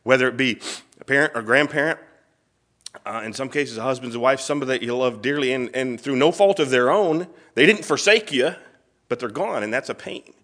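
Middle-aged man, pastor; crisp bright tone; reads scripture then preaches with feeling, clearing his throat now and then. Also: medium pitch, brisk. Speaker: pastor teaching a church class. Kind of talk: sermon with scripture reading. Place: church room.

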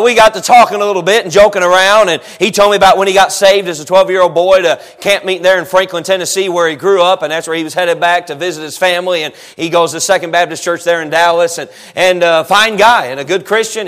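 A folksy evangelist man with a high voice, preaching a sermon. He drops jokes and amens between stories and builds to shouted appeals. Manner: folksy, joking asides, frequent amens, rising to shouts. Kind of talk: sermon with storytelling.

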